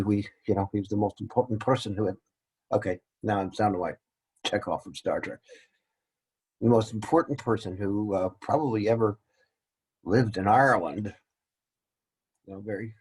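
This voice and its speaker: A man's voice: lowish voice, slightly rough, rough recording. A man teaching a casual lesson, rambling and joking at his own expense. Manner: rambling, joking and self-deprecating. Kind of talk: casual classroom-style lecture.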